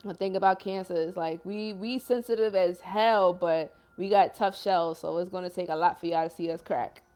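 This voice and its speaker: This young woman, who calls herself a healer, talks casually on her livestream in an earnest, emotional way, reading viewer comments aloud and using slang like "yo" and "y'all." Her lowish, darkish voice moves at a moderate pace with fairly even intonation.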